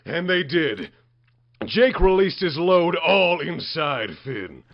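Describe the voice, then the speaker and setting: A man's voice: a little high, very animated, slow, background noise. Mock-dramatic male comic storyteller. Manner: mock-dramatic, building up loudly. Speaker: narrator. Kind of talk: comedic story reading. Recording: muffled dry lo-fi recording.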